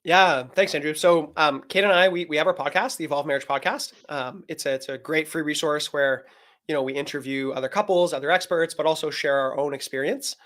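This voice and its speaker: A man's voice: on the high side, brisk, a bit bright. A man, a men's coach and guest, explaining earnestly in a live video-call interview and acting out bits of dialogue.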